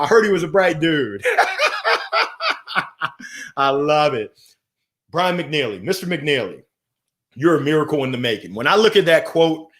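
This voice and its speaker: A man hosting a motivational livestream, talking with playful energy and giving shout-outs to viewers. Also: fairly high pitch. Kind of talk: upbeat motivational livestream talk. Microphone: gold microphone.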